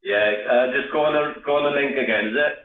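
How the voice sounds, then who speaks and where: A man calling into a live stream who talks in a halting, mumbled way that is hard to make out. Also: medium pitch. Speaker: caller. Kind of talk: casual call-in chat. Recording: tinny echoey phone line.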